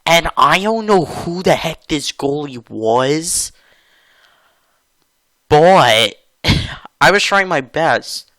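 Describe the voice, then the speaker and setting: A man's voice: fairly high pitch, bright, forceful tone, no echo, poor audio. A man giving casual commentary over his own hockey video game clips, chatty, laughing often and getting exasperated. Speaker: gaming channel host.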